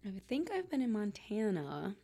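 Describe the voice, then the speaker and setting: Gravelly and dark-toned, this mid-range voice belongs to a fermented foods producer from Connecticut in her forties, appearing as a relaxed interview guest. She's very animated at a moderate pace, laughing frequently and letting sentences trail off with many fillers.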